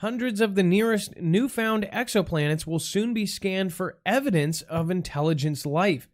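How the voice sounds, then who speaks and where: Hosting a comedy call-in news show, a man with a high-sitting voice speaks at a normal speed. He stumbles over words, repeats them in silly voices and mutters jokes to himself, like a goofy blooper reel of read-out news.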